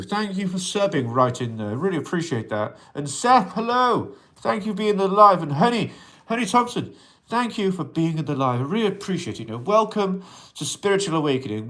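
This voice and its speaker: Lively-voiced man hosting a rambling livestream. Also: on the high side, moderate pace. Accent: unplaced accent that viewers ask about. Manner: rambling, reads out and answers viewer comments; speaks as an alien persona addressing humans. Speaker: livestream host. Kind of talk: casual livestream chat about mental health.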